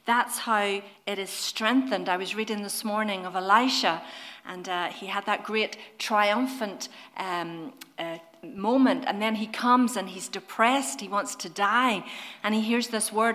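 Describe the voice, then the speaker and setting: A woman delivering a sermon in a mid-range voice. She speaks earnestly and gently, pausing to put questions to the congregation. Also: mid-range voice. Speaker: preacher.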